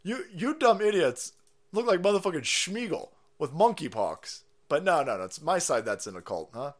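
Foul-mouthed man ranting, high-pitched. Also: big pitch swings, normal speed. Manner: foul-mouthed, mocking, laughs often. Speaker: streamer host. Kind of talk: profane political rant.

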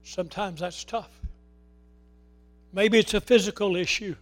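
Man, pastor, high-pitched voice, impassioned sermon, loud then hushed, middle-aged. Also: fairly even intonation, a little slow.

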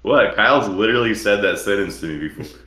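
A man's voice: on the low side, animated, fast talker, bright, forceful tone, roomy sound. A man in his twenties co-hosting a podcast, bantering crudely and laughing often. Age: 20s. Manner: laid-back, laughs often. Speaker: podcast co-host.

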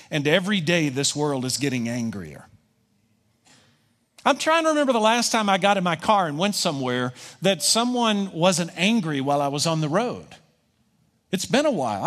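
A man's voice: fairly high pitch, a bit bright, long reverb tail. A pastor preaching a conversational sermon, voicing his listeners' objections and answering them.

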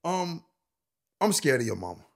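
A man co-hosting a podcast, telling a funny story in a lively, animated way and acting out the people he quotes. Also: normal speed, vocal fry. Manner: lively, acts out quotes with big pitch swings. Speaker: podcast co-host.

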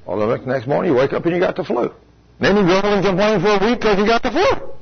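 Fast-talking and expressive, this man has a high-pitched, husky voice with vocal fry. He preaches a folksy sermon straight to his congregation on a lo-fi radio broadcast, mimicking complainers as he goes.

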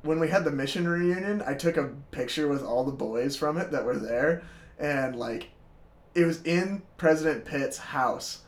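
A man's voice: fairly high pitch, moderate pace. A young man in his twenties telling a story in casual chat, laughing often, swearing and acting out quotes.

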